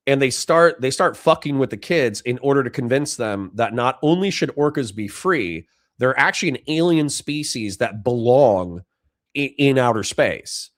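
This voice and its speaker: A man hosting a reaction show in casual commentary, animated and profane. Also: medium pitch, dry recording, studio quality. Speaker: host.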